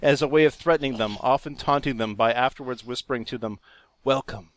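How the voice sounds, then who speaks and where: A man's voice: mid-range voice, fast. A man dryly reading out trivia from a web page during a comedy podcast. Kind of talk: casual comedic reading and chat.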